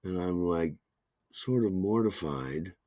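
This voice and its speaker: A man's voice: low voice, lively intonation, slow, mellow, dry recording, studio quality. A man hosting a podcast, telling a rambling, self-deprecating personal story full of asides. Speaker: podcast host.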